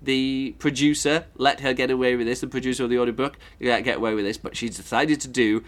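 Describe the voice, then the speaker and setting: A man chats through a book review, rambling as he thinks aloud. He keeps circling back with fillers and false starts, and his voice sits at a middling pitch for a man. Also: steady tone, fast. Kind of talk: casual spoken book review.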